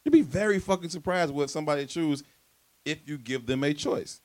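A man's voice: on the high side, lively intonation, brisk, darkish tone. A man co-hosting a casual podcast, speaking in with a laid-back, reflective manner and frequent restarts. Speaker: podcast co-host.

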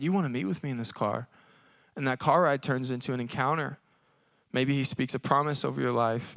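A man preaching at a college service in a conversational, animated way, often acting out little voices. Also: mid-range voice, no room sound. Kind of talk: sermon.

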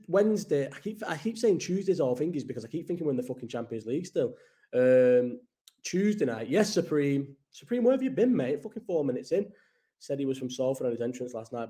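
A man's voice: medium pitch, mellow. A young man hosting a casual live-chat stream, rambling, swearing and answering viewers' comments as he goes. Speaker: livestream host.

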